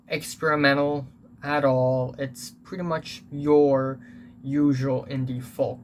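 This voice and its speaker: A man of middle pitch speaks in a casual, earnest review style, stopping often to hunt for words. A faint hiss of noise sits under his voice. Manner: hesitant, many fillers and restarts, earnest. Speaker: music reviewer. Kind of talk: casual spoken album review.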